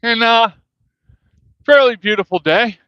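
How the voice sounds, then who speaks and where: His voice is very high, smooth and unhurried as he walks through cold, windy outdoors, ranting angrily at his livestream with lots of cursing and a folksy "y'all." The man, a vlogger, holds his phone at arm's length. The recording has no room sound, and the highs are cut off.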